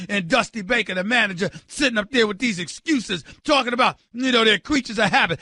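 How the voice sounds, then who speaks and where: A man hosting a sports talk show, ranting loudly and emphatically with incredulous exclamations and direct calls to his listeners. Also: high voice, a little fast, few pauses, dry recording. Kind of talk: sports radio rant.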